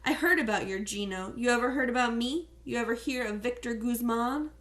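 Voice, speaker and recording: A woman's voice: fairly high pitch, fairly quick, lightly acted. Woman voicing brash trash-talking teen boy. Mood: swaggering. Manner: brash, mocking, loud. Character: cocky teenage boy soccer star, trash-talking bully. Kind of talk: audiobook character reading.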